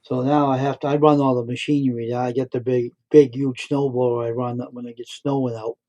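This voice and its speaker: A man's voice: medium pitch, flat delivery, brisk, mellow, lo-fi sound. A middle-aged man hosting a livestream, telling rambling stories and repeating himself. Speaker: livestream host. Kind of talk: casual storytelling.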